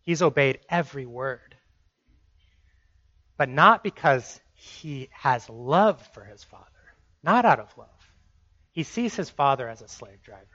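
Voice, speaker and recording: Bright-voiced high male preacher, dry lo-fi. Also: dry recording. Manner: emphatic, repeating phrases for stress. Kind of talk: sermon.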